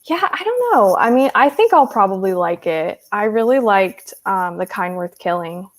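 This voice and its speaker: A woman's voice: medium pitch, sing-song, moderate pace. Giggly young woman chatting on a stream. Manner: giggly, chatty, rambling with many "like"s. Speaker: host reading live chat. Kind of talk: casual livestream chat.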